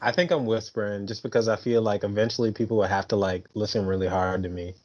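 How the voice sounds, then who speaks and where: A man's voice: lowish voice, fairly even intonation, fast talker, darkish tone, dull audio. A man in a casual chat who asks teasing questions.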